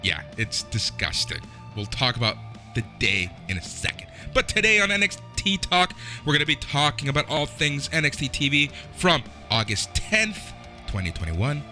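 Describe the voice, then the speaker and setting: A man's voice: a little high, pushed and bright. A man from Canada co-hosting a podcast in a laid-back casual chat, swearing freely and laughing often. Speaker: podcast co-host.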